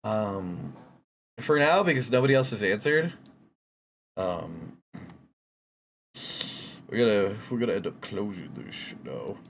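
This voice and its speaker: A streamer talking to chat in an unhurried, drawn-out way while sketching. The voice swings widely in pitch and jumps into high, teasing squeaks when reacting to viewers. Faint noise sits under the voice. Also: lively intonation, gravelly. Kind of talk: casual livestream chat while drawing.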